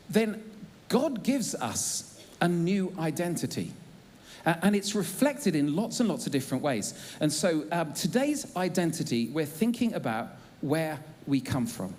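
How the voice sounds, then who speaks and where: A man's voice: fairly high pitch, a little mellow. A man, preaching a sermon to a church congregation in a chatty, humorous way with plenty of ums and uhs. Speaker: pastor. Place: church auditorium.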